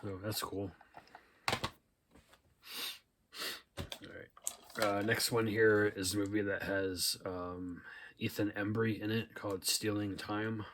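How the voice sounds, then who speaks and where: A young man with a lowish voice speaks slowly and pauses often over a little hiss or hum. He's a thrift haul vlogger casually going through his thrift-store movie finds, reading out DVD titles and cast lists in a relaxed, rambling way full of "uh" and "um."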